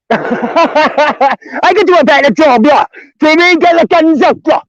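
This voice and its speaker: A very high-pitched Welsh man calls in over a dull, muffled line. He chats loosely and keeps asking "right?" as he goes. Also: lively intonation, measured pace, crowd noise. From Wales. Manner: chatty, tags lines with "right?". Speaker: caller. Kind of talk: casual call-in chat. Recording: dry, dull phone-line sound.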